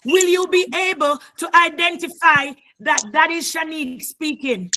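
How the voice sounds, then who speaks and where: Fervent high-voiced woman preacher. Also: normal speed, slight background noise. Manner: fervent, repeats phrases, often shouts to the congregation. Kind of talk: sermon.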